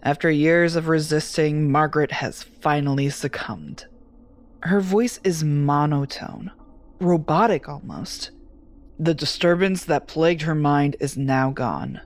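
A woman narrating a first-person horror story in a measured, dramatic storytelling manner. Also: low-pitched. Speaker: voice actor, narrator.

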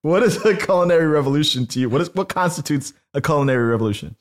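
Animated, playful young man co-host. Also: on the high side, racing. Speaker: podcast co-host. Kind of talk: casual chat.

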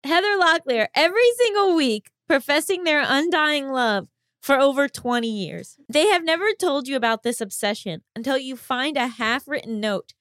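A woman's voice: high-pitched, fairly bright tone, no room sound. A woman co-host running a comic game-show segment on a podcast, with a mock announcer delivery. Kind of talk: hosting a comedic game segment.

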